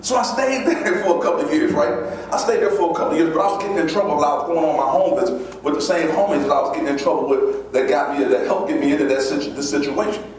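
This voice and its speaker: Motivational speaker, male, high and very animated storyteller; booming hall echo, recorded from afar. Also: fast, a little hiss or hum. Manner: animated storyteller acting out scenes, high squeals for his child self. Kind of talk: storytelling keynote speech. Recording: echoey hall recorded from far off.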